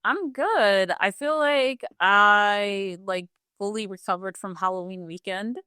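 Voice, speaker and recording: A young woman co-hosting a podcast, chatting casually and relaxed, with lots of "like" fillers. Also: mid-range voice, slow pace, clear, resonant tone, dry recording, clean studio sound. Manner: relaxed, says "like" often. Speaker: podcast co-host. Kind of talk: casual chat.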